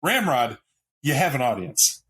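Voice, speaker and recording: A man narrating as game master of a tabletop role-playing game, rambling and animated. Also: mid-range voice, unhurried, a little hiss or hum, rough recording.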